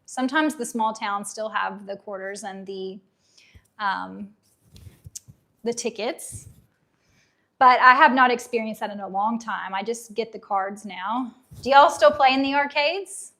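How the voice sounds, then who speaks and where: A Tennessee livestream host with a light Southern accent speaks in a slightly high, bright, forceful voice at a measured pace. She chats cheerfully, laughs easily, and reads out what viewers comment.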